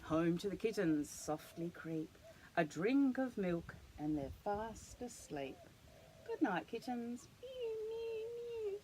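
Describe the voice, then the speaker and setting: An older woman, a grandmother, reading a children's bedtime picture book aloud to her grandchild, gently and expressively, with playful animal noises. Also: on the low side, animated, takes it slowly, a little hiss or hum, low-quality recording.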